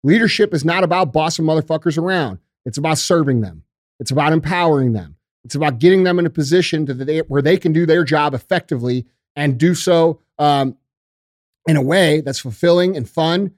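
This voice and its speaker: A man's voice: fairly high pitch, brisk, no echo, studio quality. A man on a podcast talking about leadership in an intense, fiery way, swearing often and calling people bro and dude. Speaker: podcast guest. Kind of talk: casual podcast interview.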